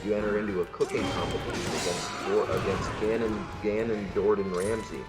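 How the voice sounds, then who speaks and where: A man's voice: on the low side, steady tone, fairly quick. A man co-hosting a charity game stream, chatting casually and riffing on silly jokes. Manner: rambling, jokey, restarts. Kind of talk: casual joking stream chat. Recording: loud music behind.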